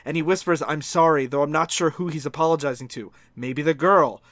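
A man's voice: on the high side, a little fast, fairly bright tone, no room sound. A man co-hosting a casual comic book chat, enthusiastically summarizing panels. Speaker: podcast co-host.

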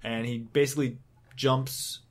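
A man in a relaxed podcast chat, with a voice of ordinary middle pitch. He recaps a story in a rambling way, swearing freely and slipping into the characters' lines. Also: unhurried. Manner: rambling, swears, acts out quotes. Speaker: podcast co-host. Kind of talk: casual chat recapping a comic.

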